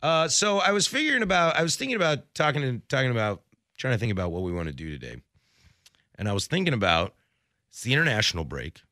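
A young man hosts a sports talk show in a bright, dry studio sound. His delivery is lively and joking, his pitch swinging up and down as he riffs on the day's lineup. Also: fast talker, dry recording. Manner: joking, animated, does silly voices. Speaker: radio sports show host.

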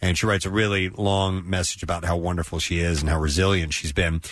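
A man hosting a casual radio show, reading listener shout-outs in a lively, chatty way. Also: deep voice, fairly quick, no echo. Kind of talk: casual morning radio banter.

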